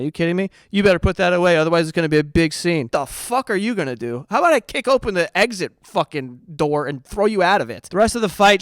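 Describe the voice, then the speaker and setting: A young man with a New York accent hosts a comedy podcast while feeling sick, reading out posts and answering them with sarcastic, profane outbursts. His voice sits a little high and sounds smooth and clear. The recording is close and dry, with no room sound. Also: dry recording. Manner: profane, animated, sarcastic reactions. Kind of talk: reading and reacting to online posts.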